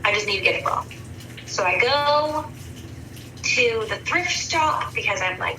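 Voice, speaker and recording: In a counseling session, a woman in her thirties talks expressively and unhurriedly in a slightly high voice. Her casual personal account rambles, is candid, and includes plenty of swearing. The echoey room is recorded from a distance with faint noise.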